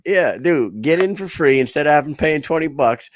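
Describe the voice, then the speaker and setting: A man hosting a podcast, chatting casually with loud enthusiasm and plenty of swearing. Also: a little high, lively intonation, moderate pace, no echo. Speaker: podcast host. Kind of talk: casual chat.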